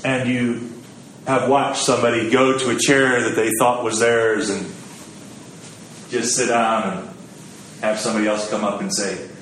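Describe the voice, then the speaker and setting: A man's voice: medium pitch, flat delivery, measured pace, long pauses, fairly bright tone, echoey room, slight background noise, poor audio. A man giving a sermon in a conversational, storytelling way, acting out the quotes he tells. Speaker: preacher.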